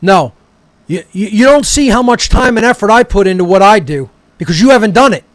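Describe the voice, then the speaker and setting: A man's voice: high-pitched, lively intonation, a little fast, fairly bright tone, no room sound. A male talk show host delivering a heated, profane, confrontational monologue straight at his listeners. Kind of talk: angry ranting monologue.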